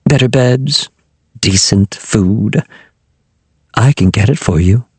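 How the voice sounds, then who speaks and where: A man voicing a cocky, quick-witted adult woman sailor in an audiobook, in a breezy, teasing manner. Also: rumbling low, a little mellow, breathy edge, dry recording, full character voice. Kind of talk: audiobook character voice.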